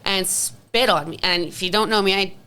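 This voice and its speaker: Young adult woman, podcast co-host; animated, profane, chatty storyteller. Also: mid-range voice, moderate pace, smooth. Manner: animated storytelling, swears freely. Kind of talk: casual chat.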